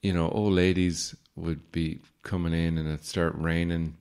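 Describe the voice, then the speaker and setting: Man, low voice, wry, sarcastic, casual podcast storytelling. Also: level tone, measured pace, darkish tone, clear, resonant tone. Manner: wry, sarcastic anecdotes with mock-formal asides. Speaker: podcast host.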